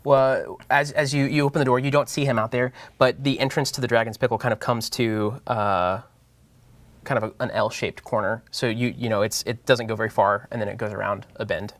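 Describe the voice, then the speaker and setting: A man narrating a tabletop game as game master, in a loose, halting way with many fillers. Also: mid-range voice, fairly even intonation, a bit bright, dry recording.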